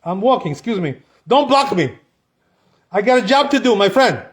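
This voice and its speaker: A man's voice: high-pitched, very animated, moderate pace. A man voicing a very old male patriarch who brushes off an obstacle brusquely. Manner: brusque, brushing someone aside.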